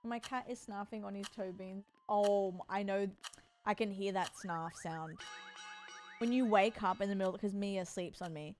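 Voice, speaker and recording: A woman streamer in easy, chatty conversation with her viewers, her voice sitting at a middle pitch. She sounds tired, answers chat as she goes and slips into cooing at her cat, with faint music playing underneath. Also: fairly even intonation, normal speed, darkish tone. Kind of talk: casual live-stream chat.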